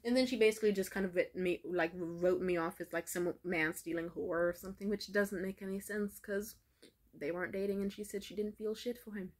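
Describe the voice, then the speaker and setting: A young woman vlogger tells her story in a loose, swearing rant. She leans on filler words and retells what others said with animated energy. Her voice sits at a middling pitch for a woman. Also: a little fast.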